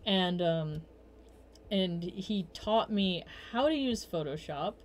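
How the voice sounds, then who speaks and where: A woman's voice: lively intonation, slow, a little hiss or hum. Chatty young woman rambling through stories. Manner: rambling, chatty, many fillers and restarts; quotes herself in bursts of higher voice. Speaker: livestream host. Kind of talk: casual storytelling chat.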